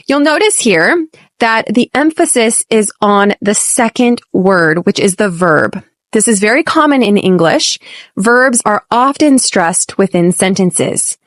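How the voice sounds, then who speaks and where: An American woman hosting an English lesson podcast, speaking clearly and deliberately and modeling phrases slowly for repetition. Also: mid-range voice, animated, dry recording, studio quality. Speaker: podcast host and English teacher.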